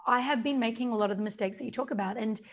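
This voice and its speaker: A woman's voice: a little high, rapid-fire, highs cut off, a little hiss or hum. A woman in her forties hosting a podcast, talking openly and reflectively about her own business. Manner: open and reflective, with small restarts. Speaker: podcast host. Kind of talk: casual podcast conversation.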